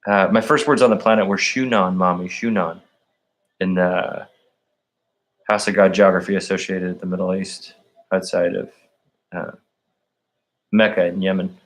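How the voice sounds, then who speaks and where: A man's voice: low-pitched, fairly even intonation, moderate pace, long pauses. A man vlogging in a meandering, stream-of-consciousness monologue, full of "like" and "um". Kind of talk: rambling solo monologue.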